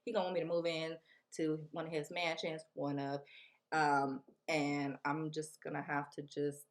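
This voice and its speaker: A young woman vlogger telling a casual storytime tale, animated and laughing often as she acts out the people in it. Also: deep voice, moderate pace.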